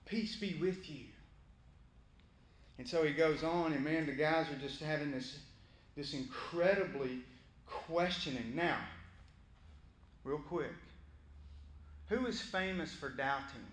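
A male pastor preaching a sermon in a lively, conversational way. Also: on the high side, slow pace, long pauses, roomy sound, slight background noise. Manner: animated, conversational, acting out voices of Bible figures.

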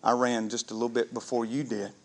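A man preaching a sermon, conversational and animated, calling the congregation "gang" and asking them questions. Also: mid-range voice, fast talker. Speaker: pastor.

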